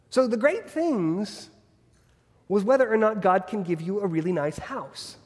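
High-voiced preacher in a reverberant hall. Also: male voice, expressive, a little slow, darkish tone. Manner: earnest, repeats rhetorical questions. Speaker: pastor. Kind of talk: sermon.

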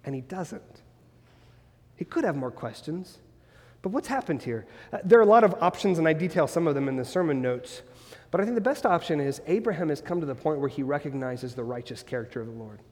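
A male pastor preaches in an earnest, searching way, stacking up rhetorical questions. His voice sits high for a man. It rings out with the long reverb of a church sanctuary. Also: a little mellow. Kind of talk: sermon.

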